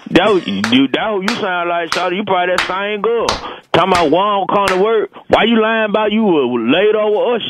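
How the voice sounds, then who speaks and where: A man's voice: sits high, fairly quick, few pauses, background noise, natural voice. An actor playing a slick male street hustler calling in to a radio comedy show, rambling in slang and calling everyone "shawty" and "boy.". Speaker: radio show regular on the phone.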